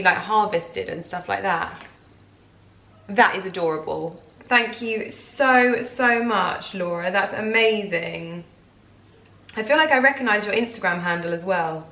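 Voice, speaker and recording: A woman, gushing and excitable as she chats through a casual unboxing vlog at home. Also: mid-range voice, creaky. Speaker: lifestyle vlogger. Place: home, indoors. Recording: roomy home recording.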